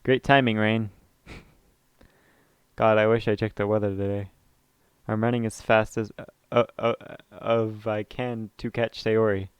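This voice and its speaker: A man's voice: on the low side, flat delivery, a little slow, clean tone, dry recording. A man reading a visual novel aloud in the first person, with small slips and side comments. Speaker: let's play narrator.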